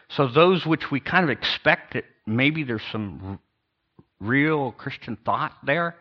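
An older man, a pastor, preaching a sermon in an emphatic, sarcastic way with pauses and restarts. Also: mid-range voice, dull audio.

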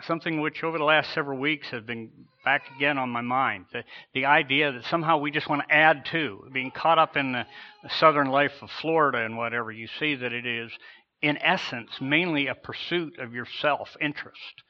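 A man preaches a sermon in an earnest, searching way, often stumbling and repeating words as he restarts. His voice sits at an ordinary middle pitch. The recording sounds dull and lo-fi. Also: brisk. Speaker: pastor.

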